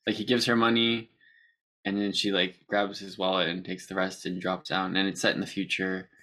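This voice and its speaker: A woman's voice: a bass voice, level tone, normal speed, a bit bright. A woman co-hosting a casual podcast, chatty and rambling, laughing often. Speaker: podcast co-host.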